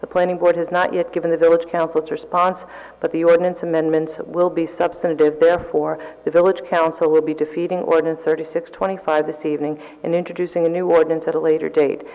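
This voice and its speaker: Gravelly flat-voiced council chair, formal motions, dull echoey room. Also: medium pitch, fast. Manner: flat, procedural reading of motions. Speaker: presiding council member. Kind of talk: formal meeting procedure. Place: council chamber. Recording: dull recording in a large reverberant council chamber.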